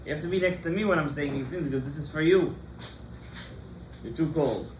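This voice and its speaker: A rabbi in his lesson, a man with a somewhat high voice, speaking with passion and drive as he quizzes his students. His voice rings around an echoey study hall over a faint low hum. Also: brisk. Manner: animated and impassioned, quizzing students by name. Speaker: rabbi teaching a Torah class. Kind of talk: lively Torah class lecture.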